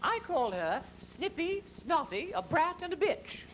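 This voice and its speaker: A man doing a high, haughty camp queen. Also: sing-song, measured pace, a bit bright, a little hiss or hum, full character voice. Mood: cutting. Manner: grand, imperious, camp, with sudden drops into a low voice. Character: haughty aging female queen, grand and catty. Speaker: drag comedian. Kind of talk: stand-up drag impression.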